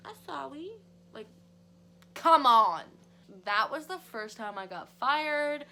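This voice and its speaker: A woman vlogger telling a story in a casual, animated way, swearing freely and acting out her reactions. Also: on the high side, slow, slight background noise. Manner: profane, animated, dramatic.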